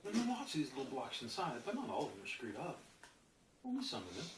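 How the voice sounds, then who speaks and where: Animated self-help teacher in an echoey room. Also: medium pitch, fast. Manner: animated, acts out inner voices, keeps asking "right?". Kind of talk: spoken self-help lesson. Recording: roomy distant mic with background noise.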